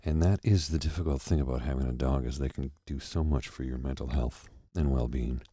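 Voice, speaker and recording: A man hosting a soft-spoken ASMR chat, reflective and halting, with pauses and restarts, close to the mic in a quiet room. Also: a bass voice, fairly even intonation, husky, dry recording. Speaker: host.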